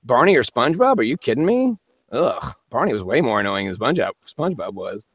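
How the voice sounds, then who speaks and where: A male voice actor hosting a casual live-stream Q&A. He is chatty and joking, answers chat questions quickly and laughs often from his home studio. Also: medium pitch, sing-song, slightly rough, no echo.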